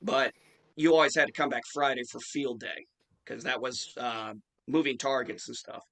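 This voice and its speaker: Bright-voiced man telling a profane story. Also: medium pitch, normal speed, creaky, rough recording. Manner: profane, animated storyteller acting out quotes. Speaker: podcast host. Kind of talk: casual storytelling chat.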